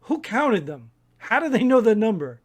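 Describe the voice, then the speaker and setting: High-voiced argumentative man. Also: very animated. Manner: argumentative, rapid bursts. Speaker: podcast co-host. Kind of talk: casual discussion.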